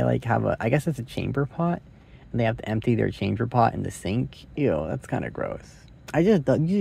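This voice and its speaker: Gravelly, husky young man rambling. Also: medium pitch, mellow. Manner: rambling, curse-laden, thinks aloud with many likes and rights. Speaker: movie reviewer. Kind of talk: casual rambling movie review. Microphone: phone.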